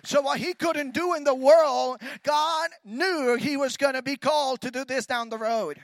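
A man preaching as a guest speaker. He builds to loud repeated declarations, then drops to quiet, low asides. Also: steady tone, measured pace, no echo. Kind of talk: sermon.

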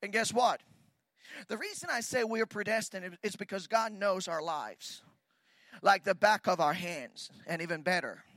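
A man preaching as a guest speaker. He builds to loud repeated declarations, then drops to quiet, low asides. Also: moderate pace, no echo. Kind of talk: sermon.

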